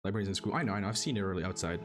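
A man's voice: sits low, racing. A man streaming a game, casually joking and reading the game's dialogue aloud in silly voices. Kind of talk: casual let's-play commentary. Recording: loud game music behind voice.

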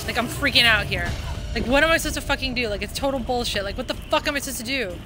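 A woman's voice: on the high side, fast. A woman playing a horror game on her channel, panicking, swearing, and pleading with the game and a friend. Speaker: gaming host. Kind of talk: let's play commentary. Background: loud game music.

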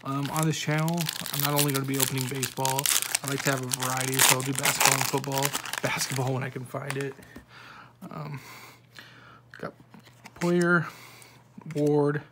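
A man hosting a home card-opening video, reading off player names one by one with quick offhand remarks in a soft-spoken way. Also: medium pitch, level tone, heavy background noise. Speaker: card-opening channel host. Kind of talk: casual card-opening commentary.

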